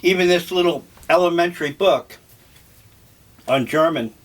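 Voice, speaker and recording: An older man talking over breakfast in a slow, musing, rambling monologue. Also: a little high. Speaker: vlogger.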